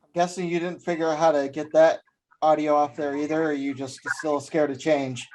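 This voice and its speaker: A man's voice: on the high side, flat delivery, brisk, background noise. A man co-hosting a podcast, telling stories and walking through a drink recipe in a loose, joking way. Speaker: podcast co-host. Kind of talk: casual podcast chat.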